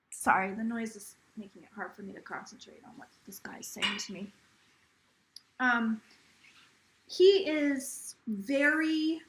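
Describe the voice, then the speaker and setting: Casual livestream host: chatty woman, high bright voice, echoey home room. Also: background noise. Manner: chatty and gushing, relays a spirit's words in quotes. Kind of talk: casual live-stream chat. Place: home, near a kitchen.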